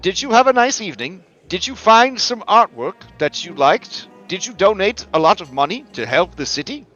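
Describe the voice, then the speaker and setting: A man's voice: sits high, very animated, normal speed, a bit bright, lo-fi sound, soft background music, voice pushed up. A man voicing a polite, prim robot elevator attendant in a tabletop game. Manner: courteous, prim.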